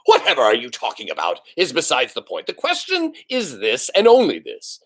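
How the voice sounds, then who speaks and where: A man voicing a stern, pompous elder head mouse who hands down judgments slowly. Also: huge pitch swings, fairly bright tone, full character voice. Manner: slow, booming, pompous pronouncements.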